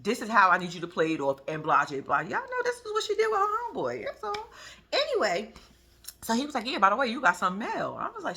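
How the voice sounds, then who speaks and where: Woman vlogger in AAVE, lively bright recap chatter, husky edge. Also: a little high, quick pace. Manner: animated, laughing often, playfully cussing. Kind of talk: casual reaction recap.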